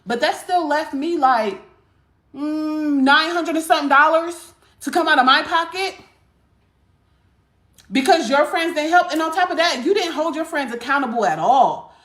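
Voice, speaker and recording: A woman's voice: sits high, lively intonation, moderate pace, fairly bright tone. Profane, blunt woman telling a storytime. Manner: blunt and profane, addresses viewers as y'all. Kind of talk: casual storytime to viewers. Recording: echoey room.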